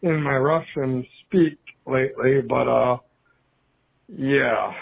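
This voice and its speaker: A man calling in to a show, rambling and swearing in a casual rant, now and then yelping out loud. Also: fairly even intonation, slow, creaky, slightly rough. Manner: profane, rambling, breaks into high shouted yelps. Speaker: caller. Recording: phone line.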